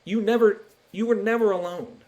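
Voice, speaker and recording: A man's voice: high voice, fairly even intonation, moderate pace, dark tone, lo-fi sound. A middle-aged man, a basketball referee, telling his personal faith story on a podcast in an earnest, emotional way, restarting often. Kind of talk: personal testimony in a podcast interview.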